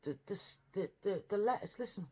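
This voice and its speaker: A woman's voice: medium pitch, expressive, moderate pace, dark tone, husky. A woman from Britain, chatting in a rambling, earnest way while eating on camera for her vlog. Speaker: mukbang vlogger. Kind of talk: casual eating chat.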